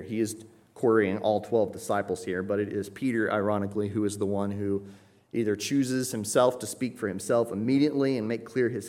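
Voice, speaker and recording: Emphatic man preaching a sermon. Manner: emphatic, varies pitch and loudness for stress; teacherly, frequent "right?" asides. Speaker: pastor. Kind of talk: expository sermon.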